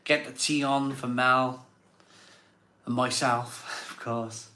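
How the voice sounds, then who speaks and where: Male live-stream host, mid-pitched, effusive and a bit choked up, repeats his thank-yous, roomy echo. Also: fairly even intonation, slow pace, pauses often, sharp tone. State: emotional, catching his breath. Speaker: live stream host reading viewer messages. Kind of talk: casual live stream chat. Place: home room set up as a virtual pub. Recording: echoey room.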